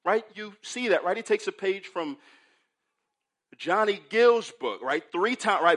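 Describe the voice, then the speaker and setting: A man preaching a sermon, moving from hushed, low passages to loud, emphatic ones, and often checking in with the listeners with "right?". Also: big pitch swings, measured pace. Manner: asks the congregation "right?" often. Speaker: pastor.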